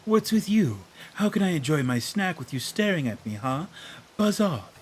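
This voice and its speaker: A man voicing a rude, grumpy character who talks in a gruff, dismissive way. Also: a little high, very animated, normal speed, faint music behind, voice pushed up. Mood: annoyed. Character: rude grumpy man guarding his snack.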